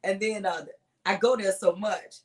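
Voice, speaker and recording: A middle-aged woman, a singer as a guest, telling stories with lively acted-out quotes in a relaxed chat. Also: mid-range voice, measured pace. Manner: animated storyteller acting out voices. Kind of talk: casual interview storytelling.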